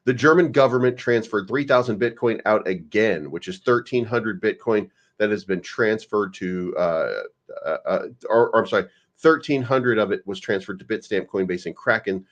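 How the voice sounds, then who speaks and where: Brief: male stream host, lowish voice, wisecracking and loose, muffled lo-fi sound. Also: normal speed. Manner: joking, rambling, swears often. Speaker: crypto live-stream host. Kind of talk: casual livestream commentary.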